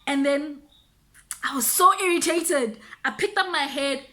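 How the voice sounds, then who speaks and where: Young South African woman, high bright voice, animated storytime vlogger. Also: a little slow. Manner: animated, switches between voices, mixes in local words. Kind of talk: casual storytime.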